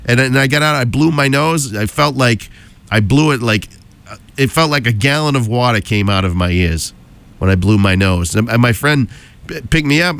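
A male radio DJ with a hoarse, froggy voice from a cold, talking on air from a studio mic. He rambles in a loose, chatty way and drops jokey asides. His voice sits at an ordinary middle pitch. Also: lively intonation, moderate pace, fairly bright tone. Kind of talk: casual on-air chat.

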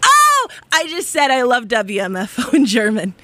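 A woman's voice: fairly high pitch, huge pitch swings, moderate pace, sharp tone. A woman hosting a college radio show, giddy and exuberant, laughing often and whooping in a studio. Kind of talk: bubbly radio chat.

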